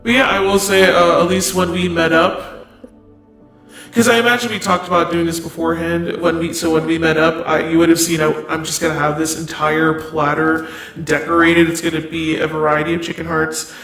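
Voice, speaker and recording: A man with a raised, gravelly voice rambles and swears freely in casual chat. His headset picks up an echoey room around him. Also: a little high, little pitch movement, fairly quick, a bit bright, faint music behind. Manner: loose, profane, rambling. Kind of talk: casual chat while setting up a roleplay.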